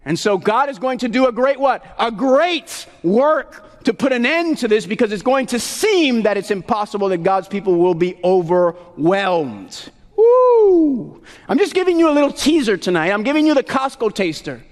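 A Puerto Rican man preaching a sermon loudly and emphatically, calling to the congregation for answers. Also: high-pitched, animated, normal speed, hardly any pauses. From Puerto Rico. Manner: loud, emphatic call-and-response preaching. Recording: long hall reverb.

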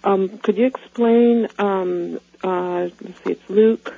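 Female caller, phone line, gravelly, lots of ums. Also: medium pitch, steady tone, slow pace. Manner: hesitant, many ums, searching for verses. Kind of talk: phone call to a radio show.

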